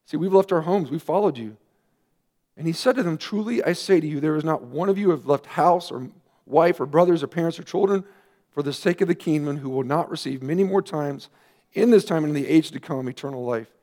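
High-voiced man preaching a sermon. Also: a little fast. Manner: earnest preaching with rising emphatic questions and quiet asides. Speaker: pastor.

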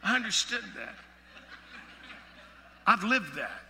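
A pastor from Alabama with a Southern accent, preaching a sermon with folksy, joking asides. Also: male voice, high-pitched, sing-song, slow, pushed and bright, long reverb tail.

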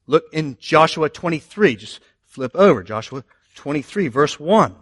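A man preaching a sermon in an animated way, moving between loud emphasis and quiet asides. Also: on the high side, moderate pace, husky, dry recording, studio quality. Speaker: pastor.

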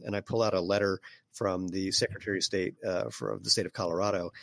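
Low-voiced man explaining at ease. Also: quick pace, no room sound. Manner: relaxed, explanatory, frequent fillers and throat clearing. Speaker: guest, barefoot sandal maker. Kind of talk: casual conversational interview.

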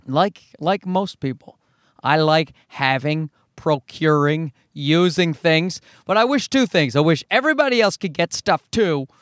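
Hoarse man with a Newfoundland accent. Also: on the high side, dry recording, clean studio sound. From Newfoundland, Canada. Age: adult, married. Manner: rambling, profane, self-mocking. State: hoarse from a cold, voice cracking. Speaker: podcast host. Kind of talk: casual solo podcast chat.

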